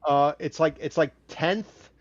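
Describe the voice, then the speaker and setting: An easygoing man hosts a casual podcast chat and agrees readily with his co-host. His voice is fairly high, and the recording sounds dull and dry, with no room around it. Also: a little slow, no echo.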